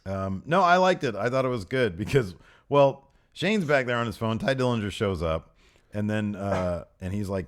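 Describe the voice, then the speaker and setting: A man co-hosting a wrestling review podcast in casual chat, animated and laughing often, acting out what the wrestlers said. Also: on the low side, moderate pace. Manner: animated, acts out quoted lines. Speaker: podcast co-host.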